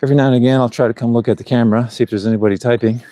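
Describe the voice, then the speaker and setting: A man's voice: mid-range voice, fairly even intonation, very fast, mellow, dry recording. A middle-aged man vlogging live outdoors on a rural building site, chatting in a rambling way and chuckling between thoughts. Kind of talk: casual live-stream chat. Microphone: clip-on mic.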